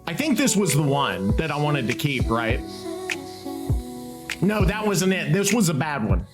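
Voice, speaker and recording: A man hosting his own show in a casual, rambling way, excitable and swearing freely. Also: a little high, a little slow, over loud music. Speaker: host. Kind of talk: casual talk while using AI tools.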